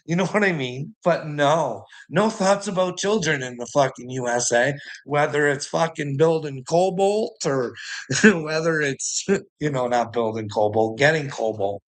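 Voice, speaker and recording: A man's voice: a little high, measured pace. A man ranting about news headlines with heavy swearing and sarcasm, often trailing off into mutters. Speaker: commentator reacting to news headlines. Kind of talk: profane ranting commentary.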